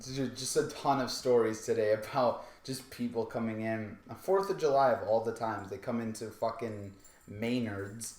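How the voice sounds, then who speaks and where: A man's voice: lowish voice, moderate pace, echoey room. A man casually telling stories on a podcast livestream, laughing a lot and acting out what people said. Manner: animated storyteller, laughs a lot, acts out quotes. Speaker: podcast co-host.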